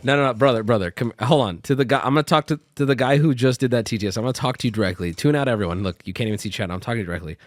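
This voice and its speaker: A man hosting a live stream, telling a story to his chat in a casual, exasperated, animated way with frequent restarts. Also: medium pitch, rapid-fire, few pauses, dry recording, clean studio sound. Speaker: streamer and host.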